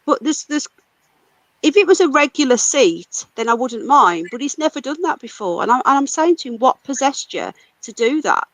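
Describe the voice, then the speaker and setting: A woman's voice: high-pitched, animated, moderate pace, a bit bright, dry recording, poor audio. A British woman hosting a casual livestream, ranting angrily and swearing a lot. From United Kingdom. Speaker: livestream host.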